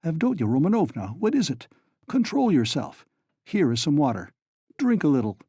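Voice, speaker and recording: An obsessive older nobleman, read by a male narrator, presses his case in urgent, pleading tones. The voice is warm and dark, recorded dry and close. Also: fairly high pitch, huge pitch swings, moderate pace, slightly rough, no room sound, pitched above the performer's own voice, heavily acted. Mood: coaxing. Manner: urgent, pleading, sometimes hushed.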